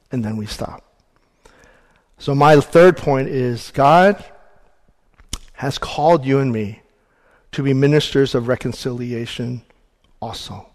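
A man's voice: medium pitch, a little slow, pauses often, long reverb tail. A man preaching a sermon as pastor, earnest and emphatic, reading scripture aloud.

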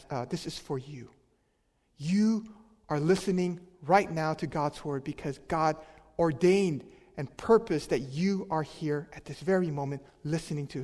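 A man preaching a sermon as pastor, emphatic, with a voice that drops to a soft near-whisper on key words. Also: fairly high pitch, long reverb tail.

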